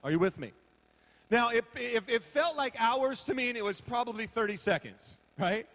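High-pitched male pastor, joking storyteller sermon from the podium, long hall echo. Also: expressive, normal speed, fairly bright tone. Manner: humorous storytelling, acting out his own reactions.

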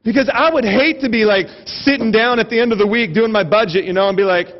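A man preaching a sermon as pastor, telling a long humorous story in an animated way. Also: high voice, fast, few pauses. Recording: dull recording with long hall reverb.

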